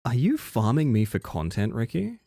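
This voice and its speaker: A man's voice: mid-range voice, huge pitch swings, normal speed, gravelly, warm tone. A male streamer chatting casually on a live stream, teasing and joking with frequent swearing.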